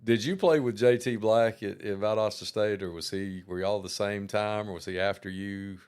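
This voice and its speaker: A man hosting a laid-back conversation with a coach. His voice sits very low and sounds smooth and resonant. He talks in an easygoing way, with frequent "you know"s. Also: steady tone, normal speed, darkish tone. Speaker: podcast host interviewing coaches. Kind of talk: casual interview.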